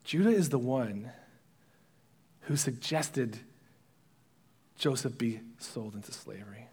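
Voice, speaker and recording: In his sermon, this pastor retells a story with drama in a slightly rough, mid-range voice at a slow pace. At the most emotional points, he drops to a hushed whisper.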